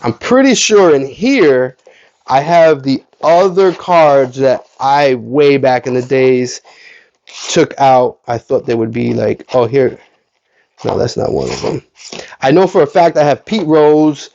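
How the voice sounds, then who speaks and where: A man hosting a card collecting vlog, telling a rambling story with many self-corrections and lively quotes of other people. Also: medium pitch, measured pace, gravelly, lo-fi sound. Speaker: card collecting channel host.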